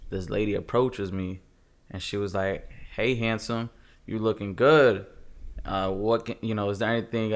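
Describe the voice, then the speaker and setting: Low-pitched male trucker, easygoing storyteller, laughs mid-story. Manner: animated, laughs through his stories. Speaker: podcast co-host, truck driver. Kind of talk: casual storytelling chat.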